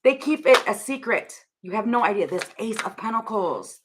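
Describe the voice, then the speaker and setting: A woman's voice: mid-range voice, lively intonation, moderate pace, noisy background. A young woman giving a casual tarot reading to camera, rambling and laughing often as she thinks aloud. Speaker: tarot reader.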